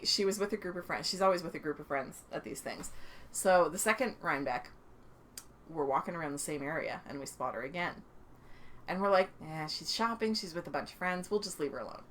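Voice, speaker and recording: A Canadian woman co-hosts a casual podcast, telling anecdotes in a bright, animated voice. She laughs often and acts out what other people said. A faint hiss sits under the recording. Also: on the low side, normal speed, long pauses. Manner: chatty storyteller, laughs often, acts out quotes. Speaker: podcast co-host. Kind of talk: casual chat.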